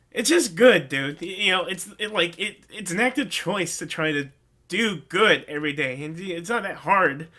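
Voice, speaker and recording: A man's voice: sits high, animated, a little slow, sharp tone. A man hosting a casual movie review vlog, rambling and earnest, with lots of "like" and openly emotional asides. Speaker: host.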